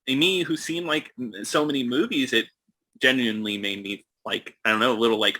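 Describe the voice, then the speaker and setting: A man's voice: mid-range voice, fairly quick, pushed and bright. A man co-hosting a movie podcast in casual chat, talking with enthusiasm and many fillers. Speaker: podcast co-host.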